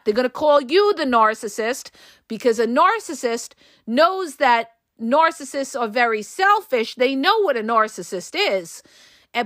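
A woman's voice: a little high, a bit bright, dry recording, clean studio sound. A woman hosting a podcast and coaching listeners, talking in a casual, emphatic monologue that repeats points and speaks straight to the audience. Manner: emphatic, repetitive, addresses listeners directly.

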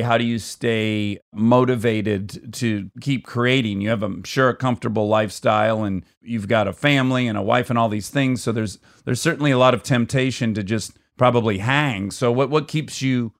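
A man's voice: medium pitch, creaky, dry recording, clean studio sound. Curious man hosting a podcast interview. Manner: curious, probing questions. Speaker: podcast host.

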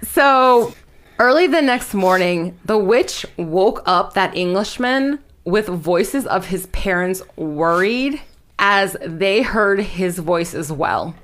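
A woman's voice: mid-range voice, lively intonation, slow pace, fairly bright tone. A young woman casually telling a spooky story to friends, rambling, laughing and swearing as she goes. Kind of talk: casual storytelling podcast chat.

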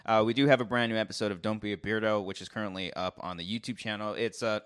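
Male podcast co-host, rapid joking banter, mid voice. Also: lowish voice, steady tone, fairly bright tone, clean tone. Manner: jokey, teasing banter. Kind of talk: casual chat. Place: hotel room.

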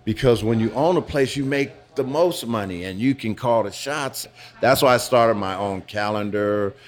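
A man in his fifties, interviewed in a pizza restaurant, telling his story haltingly and often restarting phrases. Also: medium pitch. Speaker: interview guest.

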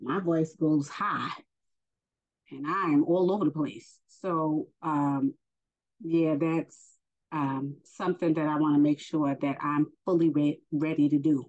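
Woman, low and leisurely, hesitant faith teacher with lots of fillers, muffled recording. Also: steady tone, darkish tone. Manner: unhurried, hesitant, many fillers. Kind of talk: casual spoken religious lesson. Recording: dull lo-fi recording.

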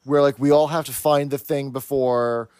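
A man's voice: medium pitch, steady tone, normal speed, a little mellow, clear, resonant tone, no echo. A man co-hosting a podcast in casual chat, explaining things and telling jokes. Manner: chatty, explains and tells jokes. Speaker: podcast co-host.

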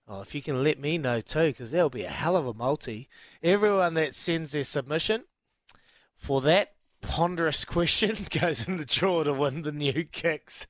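A man's voice: mid-range voice, dry recording. Chatty New radio host man. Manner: chatty, laughs often, repeats himself. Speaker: breakfast sports radio host. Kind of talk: casual radio banter.

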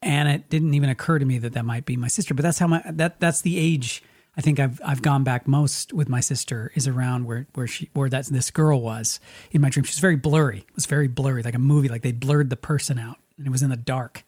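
A middle-aged podcast host from Spokane, USA tells stories in a rambling, casual way, restarting often and acting out quotes. His mid-range voice is a little mellow, with fairly even intonation and a fairly quick pace, recorded dry in clean studio sound.

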